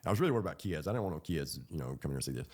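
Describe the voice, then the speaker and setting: A man's voice: a bass voice, sing-song, very fast, a little mellow. A man telling his own story in a loose, rambling, colloquial way. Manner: rambling, colloquial, with fillers and laughs. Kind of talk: casual storytelling.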